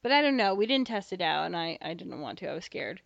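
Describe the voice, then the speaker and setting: A young woman co-hosting a podcast, telling a story in casual chat, animated, swearing freely and acting out dialogue. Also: fairly low pitch, fast talker, creaky, no echo. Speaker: podcast co-host. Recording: slightly dull dry podcast mic.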